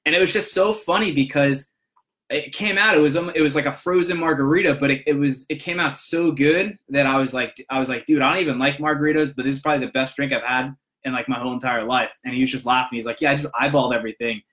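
A man's voice: mid-range voice, steady tone, fast talker, a bit bright. A young man casually telling a long, rambling story to his viewers, full of restarts and "he's like" quotes. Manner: rambling, many restarts and "I'm like".

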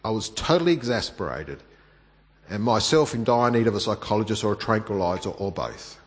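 Man, preacher; storytelling sermon, animated delivery, big hall reverb. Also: fairly low pitch, fairly quick. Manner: animated storytelling, swinging from emphatic to hushed. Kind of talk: sermon with personal story and prayer.

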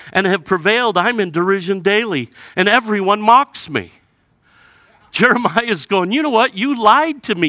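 A male pastor preaching a sermon, animated and acting out the people in the stories with sarcasm, then dropping low and quiet to read scripture. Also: no echo. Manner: animated, acts out biblical characters with sarcasm.

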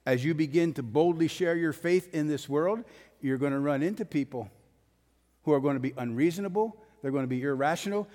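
Emphatic pastor in a reverberant hall. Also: male voice, a little high, a little fast. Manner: blunt, emphatic, rising to forceful peaks. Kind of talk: sermon.

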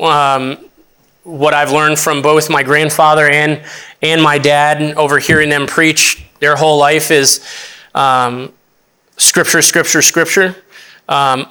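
A young man, an associate pastor, preaching a sermon in an earnest, halting way with many restarts. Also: a little high, pushed and bright, clear, resonant tone.

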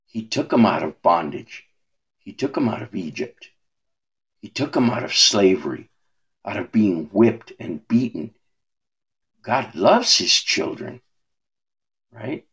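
A man talking about his faith in a relaxed way, asking rhetorical questions and often restarting his words. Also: lowish voice, slow, pauses often. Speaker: minister. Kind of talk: preaching conversation.

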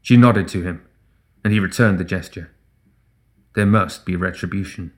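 A man reading a fantasy story aloud as narrator in a measured, even way. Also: deep voice. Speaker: audiobook narrator. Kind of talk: scripted narration.

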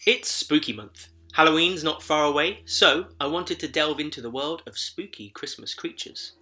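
Man with a head cold, sharp-toned. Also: fairly high pitch, animated, moderate pace. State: has a head cold, voice slightly deep and sick. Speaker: podcast host. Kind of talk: scripted podcast narration.

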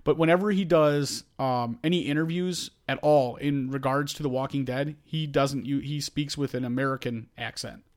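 A man's voice: mid-range voice, moderate pace, few pauses. A man co-hosting a podcast, rambling through opinions in casual chat with frequent restarts. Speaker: podcast co-host.

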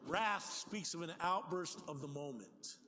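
An older man preaching a sermon as pastor, talking in a conversational, animated way with folksy asides. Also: fairly high pitch, measured pace. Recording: long hall reverb, faint ambience.

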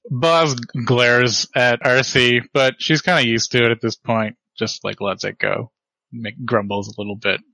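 A man's voice: mid-range voice, unhurried, creaky, no room sound, low-quality recording. A man playing a tabletop role-playing game, chatting casually and narrating his character's actions with rambling asides. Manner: relaxed, rambling, trails off. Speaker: tabletop player.

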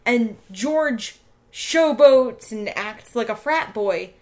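A woman's voice: fairly high pitch, animated, slow pace. A woman casually discussing a TV episode with her co-host, filling in plot details. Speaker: podcast co-host. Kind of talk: casual chat recapping a TV show.

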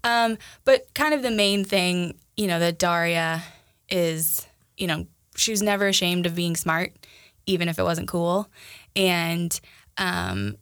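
A woman's voice: fairly low pitch, a little slow, a bit bright, no room sound, clean studio sound. A young adult woman with a Minnesota accent, co-hosting a podcast in casual chat, talking loosely with many fillers and restarts. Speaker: podcast co-host.

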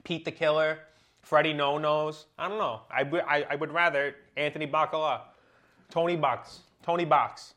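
A man's voice: on the high side, fairly even intonation, moderate pace, bright, forceful tone. A young man hosting a podcast, telling rambling stories full of fillers and swearing, laughing along. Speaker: podcast host. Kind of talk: casual comedic storytelling.

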